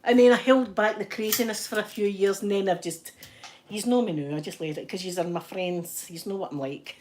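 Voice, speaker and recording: A woman's voice: medium pitch, fairly quick, darkish tone, slight background noise. A Scottish woman hosting her own channel, chatting casually while ironing and telling stories with frequent laughter. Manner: chatty, storytelling, laughs often. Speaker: channel host.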